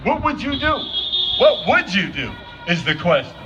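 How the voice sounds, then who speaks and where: A man with a high voice and wide pitch swings talks at a moderate pace, far from the mic, with music behind him. He's giving an off-the-cuff speech at an outdoor vigil, repeatedly putting questions to the crowd. The recording is dull and lo-fi with a faint hiss.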